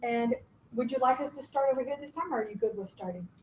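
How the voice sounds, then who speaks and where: A woman's voice: fairly high pitch, fast, a little hiss or hum, rough recording. A woman facilitating a conference workshop, speaking candidly and with self-deprecating humor, laughing often.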